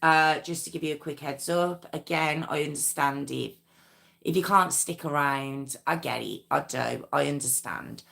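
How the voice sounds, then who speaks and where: A woman's voice: sits low, normal speed, gravelly, fairly bright tone. A woman hosting a live true crime stream, chatting casually with viewers, giggling and reading out their comments. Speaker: true crime livestream host.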